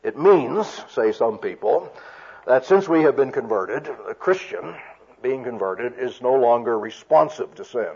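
A man works through a sermon, explaining each point carefully and often restarting his sentences. His voice is husky, and the recording sounds dull and lo-fi. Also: medium pitch, expressive, measured pace, a little mellow. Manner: careful teaching with frequent restarts. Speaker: preacher. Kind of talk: expository sermon.

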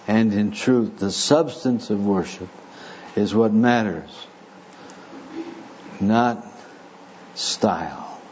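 A man delivers a sermon at a slow, measured pace. His voice sits low and warm, and he speaks deliberately with touches of dry humor. The recording is slightly muffled, with a faint hiss underneath. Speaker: preacher. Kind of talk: sermon with audience discussion.

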